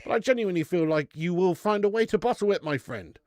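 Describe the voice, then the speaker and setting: A man's voice: high voice, animated, fast, a little mellow, no room sound, clean studio sound. A man in his thirties hosting a live football watch-along, bantering with chat viewers and swearing casually. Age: 30s. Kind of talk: casual live-stream chat and match commentary.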